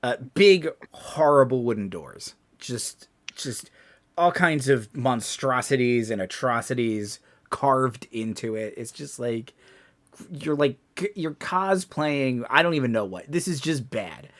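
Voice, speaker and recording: A man's voice: medium pitch, animated, a little slow, a bit bright. A young man narrating as game master of a tabletop game, loose and laughing, with lots of fillers.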